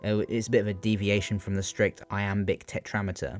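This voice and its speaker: A man's voice: fairly low pitch, flat delivery, a little fast, faint music behind. A young man talking through poetry revision, hesitant and full of ums, asking rhetorical questions as he goes. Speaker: student giving exam revision. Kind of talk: unscripted revision talk.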